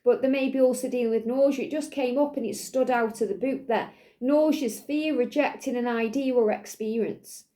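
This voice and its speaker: A woman giving a spiritual reading to her viewers, talking earnestly and reassuringly, with many "you know"s, and now and then clearing a slight cough from her throat. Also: on the high side, normal speed, hardly any pauses, dark tone. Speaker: spiritual reader. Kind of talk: channelled tarot-style reading to viewers.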